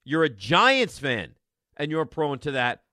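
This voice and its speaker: A man hosting sports talk radio, animated and sarcastic as he rants. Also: on the high side, measured pace, no room sound, studio quality.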